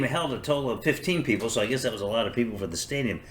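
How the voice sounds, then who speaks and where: An older man hosts a podcast, delivering a casual comedic monologue that's sarcastic, rambling and self-mocking. His medium-pitched voice is animated, rapid-fire and a bit bright, with slight background noise behind it.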